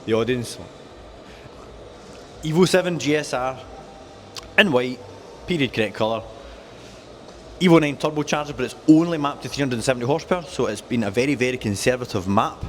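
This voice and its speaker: Presenting cars at a dealership, this man keeps things casual and jokey while enthusiastically reeling off specifications. His mid-range voice runs a little fast but includes long pauses, with slight background noise.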